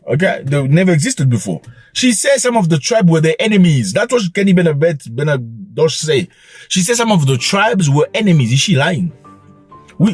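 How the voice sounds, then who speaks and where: A male vlog host giving opinionated commentary in an animated, lecturing way, with mocking asides. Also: fairly high pitch, husky, no echo. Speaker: channel host.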